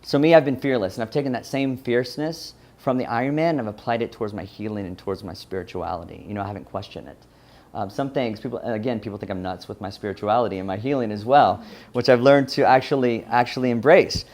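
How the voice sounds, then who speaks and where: A man's voice: on the low side, quick pace, darkish tone. A man from Louisiana with a Southern twang, giving a personal story talk, earnest and often restarting himself. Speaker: speaker.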